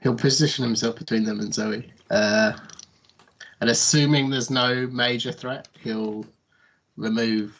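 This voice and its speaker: Man, tabletop player, mid-pitched voice, halting with uhs, lo-fi muffled audio. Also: steady tone, fairly bright tone. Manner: hesitant, describing his character's actions. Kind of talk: casual tabletop play. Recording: dull lo-fi audio.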